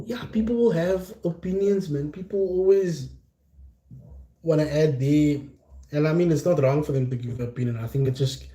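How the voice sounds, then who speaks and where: Male host, very dark mellow tone, earnest casual chat, roomy echo. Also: fairly high pitch, moderate pace. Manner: earnest, repeats points for emphasis. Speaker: podcast host.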